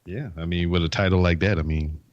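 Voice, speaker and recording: Very low-voiced chill guy rambling on a podcast, lo-fi dry sound. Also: steady tone, fairly quick, dry recording. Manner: laid-back, drawling, lots of fillers. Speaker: guest podcaster. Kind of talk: casual chat. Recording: dull lo-fi mic.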